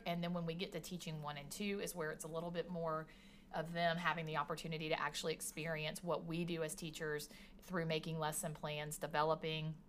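A woman's voice: deep voice, a bit bright, slight background noise. A woman teacher talking about her career tech classes in a chatty, enthusiastic podcast conversation. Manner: chatty and enthusiastic, many restarts.

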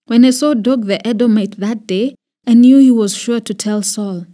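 Kenyan woman reading an emphatic young warrior chief, higher and louder, mellow timbre. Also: moderate pace, lightly acted. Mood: dismayed, resolute. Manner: emphatic exclaiming. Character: young warrior leader, grieved and protective.

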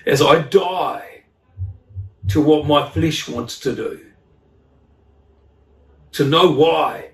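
Male pastor, fervent sermon, somewhat high voice, echoey hall, mic at a distance. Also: slow, long pauses. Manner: fervent, rising to loud exclamations; repeats words as he builds.

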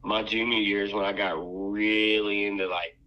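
Laid-back low-voiced man, lo-fi. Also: little pitch movement, moderate pace. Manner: laid-back, short agreeing replies. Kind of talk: casual chat. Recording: dull lo-fi sound.

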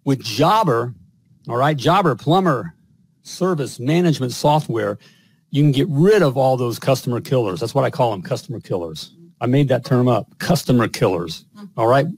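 A man's voice: medium pitch, lively intonation, moderate pace, slightly rough, dry recording, low-quality recording. A man hosting a podcast with boastful, hyped energy and lots of fillers. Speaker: podcast host.

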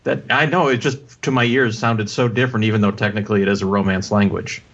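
A man's voice: fairly low pitch, fairly even intonation, fast talker, a bit bright. Rambling podcast host man. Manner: rambling, many fillers and restarts. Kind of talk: casual podcast chat. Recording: dull lo-fi sound.

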